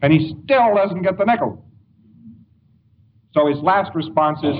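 A man's voice: high-pitched, animated, measured pace. Man lecturing on old muffled tape. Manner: anecdotal, wry, acts out examples. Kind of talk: recorded lecture. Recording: dull lo-fi tape with faint hiss.

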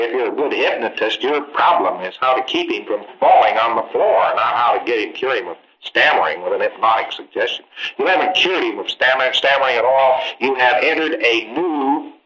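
Male lecturer, bright and pointed, emphatic, quips and rhetorical asides, dull old tape. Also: medium pitch, a little hiss or hum. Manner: emphatic, acts out exchanges, rhetorical questions. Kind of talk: informal training lecture.

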